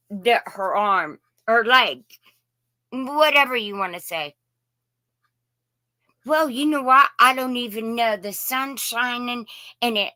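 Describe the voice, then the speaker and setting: A woman hosts a casual morning live stream and greets each viewer by name in a friendly, folksy way. She talks slowly and unhurriedly, in a bright voice pitched a little high. The recording is dry and close, with no room echo. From Indiana.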